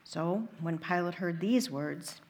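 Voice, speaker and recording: Woman, liturgical reading, steady, deliberate, very slow, lowish pitch. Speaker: reader.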